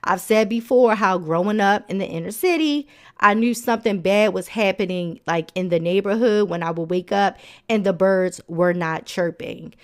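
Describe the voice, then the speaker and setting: A woman hosts a nature podcast in a casual, chatty way, laughing often. She drifts into sassy, colloquial asides between facts. Her pitch sits in a plain middle range for a woman. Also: normal speed. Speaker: podcast host.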